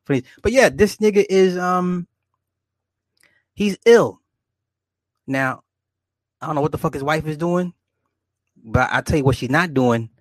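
A man's voice: fairly high pitch, lively intonation, measured pace, long pauses, no echo, studio quality. Rambling, profane man streaming from home. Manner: rambling, profane, laughs often, talks to viewers. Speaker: livestream host. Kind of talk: casual livestream chat, reading comments.

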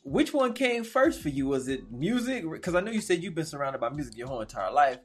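A man's voice: on the high side, big pitch swings, brisk, breathy edge, faint music behind. A man hosting a casual podcast, chatting in a laid-back way and dropping "man" into his sentences. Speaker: podcast host.

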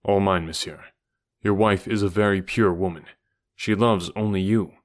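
A man voicing a calm, noble jungle-raised gentleman in an audiobook, speaking in a grave, measured, courteous way. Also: low voice, lightly acted. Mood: reassuring. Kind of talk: audiobook character reading.

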